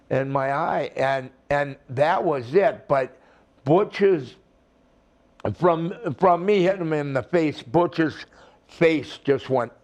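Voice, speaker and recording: A man's voice: a little high, slow pace, darkish tone. An older man, a retired wrestler, telling a rambling, profane story in a casual interview. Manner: rambling, profane, acts out the people in his stories.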